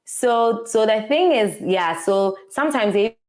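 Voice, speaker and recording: A woman's voice: fairly high pitch, lively intonation, measured pace. A young woman from Ghana with a Ghanaian accent, talking as an interview guest and giving earnest, emphatic advice in casual chat.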